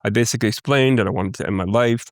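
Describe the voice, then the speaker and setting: A man from Canada, a Cree guest, earnestly recounting his life in a halting interview testimony. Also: medium pitch, dry recording, studio quality. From Canada, First Nations Cree. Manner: earnest, halting storytelling with restarts.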